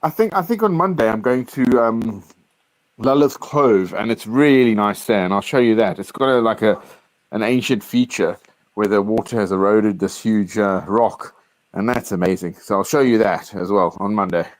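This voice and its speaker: A man's voice: on the low side, moderate pace, dry recording, rough recording. Laid-back man giving a walk-around tour. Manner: laid-back, friendly, says bro and cheers. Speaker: guest showing his holiday cabin. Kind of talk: casual walk-around chat.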